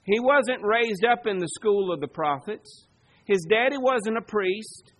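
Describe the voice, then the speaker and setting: A man preaching a sermon, swinging between loud emphasis and quiet asides. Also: high-pitched, animated, a little slow, rough recording. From Southern United States. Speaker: pastor.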